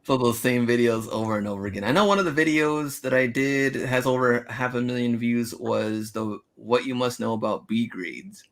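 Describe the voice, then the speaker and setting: A man hosting a livestream, relaxed, reading viewer comments aloud. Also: medium pitch, normal speed, hardly any pauses. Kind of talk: casual livestream chat.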